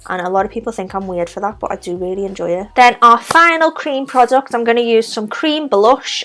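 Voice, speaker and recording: A woman's voice: fairly high pitch, lively intonation, a little fast, hardly any pauses, a bit bright, soft background music. A young woman with a Liverpool Scouse accent, talking through a makeup tutorial step by step with chatty, self-deprecating asides. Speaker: makeup vlogger. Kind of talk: casual makeup tutorial narration.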